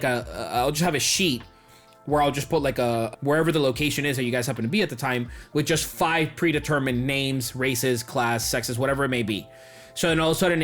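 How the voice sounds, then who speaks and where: A man, the game master of a tabletop show, chatting casually and animatedly about how he builds his characters. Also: mid-range voice. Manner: animated, acts out quoted characters. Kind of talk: casual podcast chat.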